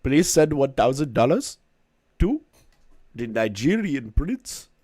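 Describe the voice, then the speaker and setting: A man voicing a mock scam caller in a put-on French accent, slow and low. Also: big pitch swings, a little mellow, no echo, clean studio sound.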